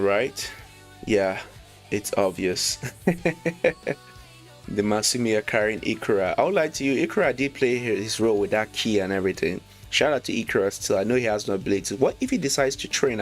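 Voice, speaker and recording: A man casually reviewing a manga chapter, reading lines aloud, excited and slangy, laughing often. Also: on the low side. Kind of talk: casual read-along commentary.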